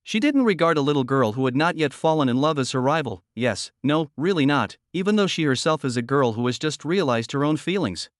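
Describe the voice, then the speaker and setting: A man narrating a scripted comic recap with a steady, even delivery. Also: fairly high pitch, a little fast, few pauses, no echo, clean studio sound.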